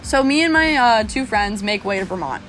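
A young woman telling a story in casual chat, animated and swearing as she talks. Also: fairly high pitch, normal speed, faint music behind. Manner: animated, swearing, laughing often.

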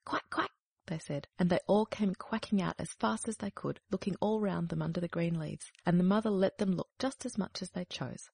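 Woman with a gravelly, husky voice. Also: on the low side, a little mellow, dry recording. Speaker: narrator. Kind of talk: storybook reading.

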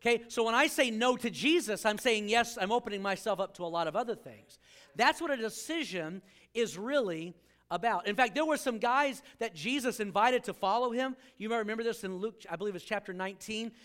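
A man's voice: high-pitched, expressive, fairly quick, fairly bright tone. A male pastor preaching a sermon to a live congregation, joking and acting out quoted voices as he talks.

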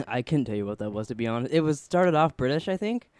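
A man's voice: mid-range voice, animated, brisk, a little mellow, no room sound. A man co-hosting a podcast in casual chat, rambling and laughing often at himself. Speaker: podcast co-host.

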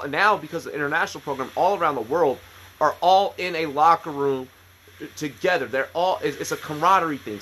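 A man in his thirties with a slightly high, husky voice. He rambles through a story with constant profanity, cutting himself off and starting again, in a loose, casual podcast chat. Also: a bit bright. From United States. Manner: profane, rambling, many restarts. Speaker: podcast co-host, military veteran.

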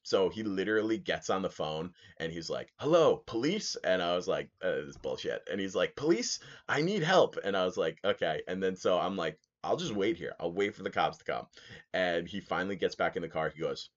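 A young man hosting a podcast, telling a rant story in a casual, animated way, swearing freely and laughing as he talks. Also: deep voice, fairly quick. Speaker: podcast host. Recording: slightly dull podcast audio.

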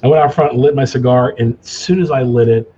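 A middle-aged man chatting casually as a guest, telling animated, self-mocking stories with lots of restarts. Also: mid-range voice, fast talker, dull audio, a little hiss or hum. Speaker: cigar company guest. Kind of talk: casual storytelling chat.

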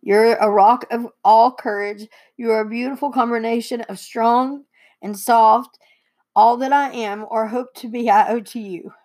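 A woman's voice: on the high side, steady tone, unhurried, a little mellow. Tearful young woman reading letters aloud. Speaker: co-host and daughter.

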